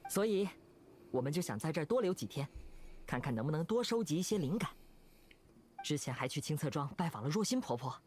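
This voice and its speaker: A cheerful young stage magician from a video game, friendly and animated, as a woman acts the part. The voice sits low and swings widely in pitch. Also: brisk, pauses often, slight background noise. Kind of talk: game dialogue.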